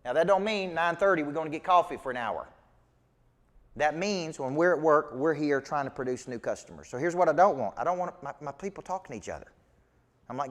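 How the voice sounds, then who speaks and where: A man's voice: a little high, animated, a little fast, in a large hall. A man with a Southern US accent giving a live business coaching talk, emphatic and folksy, quizzing his audience. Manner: emphatic, folksy and preachy, asks the audience questions. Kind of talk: live motivational training talk.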